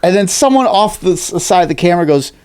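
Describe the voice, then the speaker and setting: A man co-hosting a casual podcast chat, swearing freely and acting out people he talks about in shrill mock voices. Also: quick pace, clear, resonant tone. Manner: animated, swearing, acts out high-pitched shrieking quotes. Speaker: podcast co-host.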